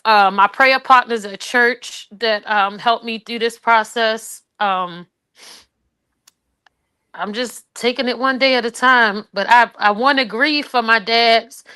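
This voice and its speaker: A tearful woman speaking about her anger and loss in a halting, raw and emotional way. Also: a little high, sharp tone, clear, resonant tone. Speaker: guest sharing her grief. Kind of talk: personal testimony on a call.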